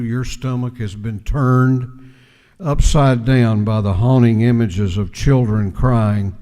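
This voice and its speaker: A man delivers a formal speech from a podium, taking his time and leaning into measured pauses. His voice is mellow and darkish in tone. A long reverb trails each phrase through the large chamber. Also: mid-range voice. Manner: slow, deliberate oratory with pauses. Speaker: speaker of the house presenting a resolution.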